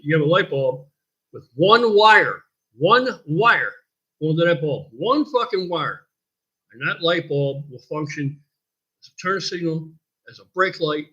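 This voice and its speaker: Viewer questions get blunt, profane, rambling answers from an older American man hosting a casual stream. He has a husky, somewhat bright voice on the high side, and the stream audio is dull and lo-fi.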